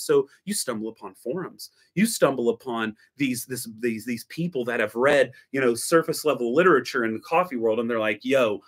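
Man, mid-pitch, loose late-night stream host, rambling and self-correcting, jokey asides. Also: fairly bright tone. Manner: jokey, breaks into mock dialogue. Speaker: coffee educator hosting a stream. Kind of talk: late-night livestream chat.

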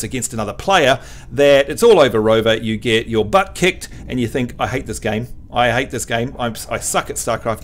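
A man hosting a casual game livestream, joking with his chat and teaching the basics. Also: fairly high pitch. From New Zealand. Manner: chatty, jokey, teasing the chat. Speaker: livestream host.

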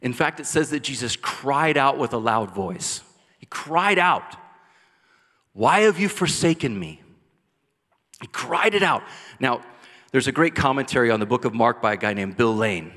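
A man's voice: mid-range voice, expressive, moderate pace. Passionate male pastor in a reverberant church. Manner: passionate preaching, builds to loud cries then drops soft. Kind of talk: sermon. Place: church sanctuary. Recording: long church hall reverb.

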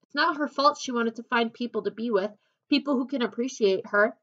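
A woman's voice: on the high side, brisk, a bit bright, dull audio. A woman voicing a young schoolgirl in a storybook, earnest and careful, nervous but resolute.

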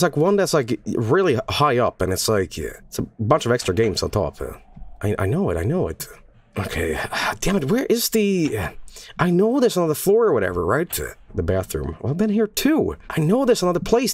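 A man streaming a video game, grumbling, swearing and chuckling at himself while he searches. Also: on the high side. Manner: frustrated, swearing, laughs at himself. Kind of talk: gaming stream commentary.

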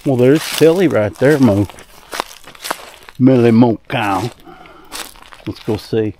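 A man's voice: medium pitch, slow pace, mellow, slight background noise. A man chatting casually in a folksy, easygoing way while he works outdoors on his rural property. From American South. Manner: easygoing, folksy, talks to animals. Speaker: vlogger. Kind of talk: casual vlog narration.

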